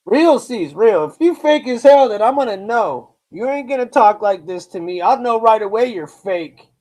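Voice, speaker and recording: The voice is high-pitched, animated and darkish, belonging to a man from Lakewood, Ohio, US who runs a live reaction stream. He speaks bluntly and casually with swearing, bragging and slang such as "bro" and "dude," his speech slow and stretched out with many repeats and restarts.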